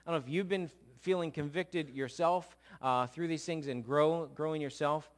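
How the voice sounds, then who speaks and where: A middle-aged pastor with a voice on the high side gives a sermon in a church sanctuary at normal speed. He talks conversationally, jokes and checks in with his congregation.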